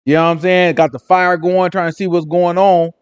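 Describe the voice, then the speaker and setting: Man, Bible teacher, casual slangy lesson, acts out bystanders, high voice, dry close sound. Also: flat delivery, brisk, clean tone, dry recording, lo-fi sound. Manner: retells scripture in street slang, acts out the voices of onlookers; keeps checking in with listeners.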